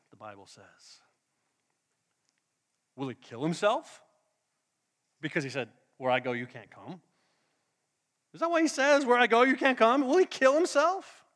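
A man's voice: high-pitched, fairly bright tone. A man preaching a sermon as a pastor, drawing in the congregation with questions and call-and-response. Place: church hall. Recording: long hall reverb.

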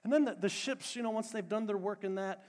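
Pastor, male, fairly high voice, sermon in a sanctuary, emphatic repetition mixed with relaxed announcements. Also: fast talker, long reverb tail. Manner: preaching with rising emphatic repetition, then casual announcements. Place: church sanctuary.

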